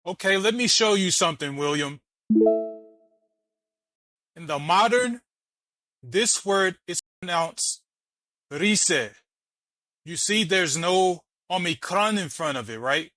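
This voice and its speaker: Bright, combative man explaining. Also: high voice, lively intonation, slow pace, pauses often, rough recording. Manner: combative, mocking, explains letter by letter. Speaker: channel host reacting to a debate clip. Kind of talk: argumentative commentary.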